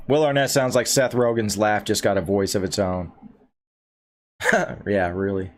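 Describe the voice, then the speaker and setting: A man hosting a live reaction stream, reading out chat comments in a low-key, offhand way. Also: fairly even intonation, measured pace.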